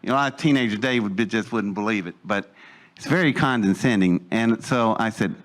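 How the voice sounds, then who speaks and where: A man in his sixties telling a first-person story in an animated way, laughing as he talks and jumping higher in pitch when excited. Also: a little fast. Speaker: eyewitness storyteller.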